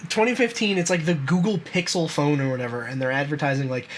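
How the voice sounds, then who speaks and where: A man's voice: fairly high pitch, steady tone, fast talker, hardly any pauses. A young man co-hosting a podcast, chatting casually, rambling, swearing a lot and laughing often. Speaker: podcast co-host. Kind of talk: casual chat.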